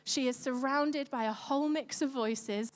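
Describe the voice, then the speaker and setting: A woman's voice: high-pitched, moderate pace. A woman pastor giving a sermon, chatty and self-deprecating, asking her congregation questions. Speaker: pastor on church lead team. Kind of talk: sermon with audience interaction. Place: large church hall. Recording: echoey church hall reverb.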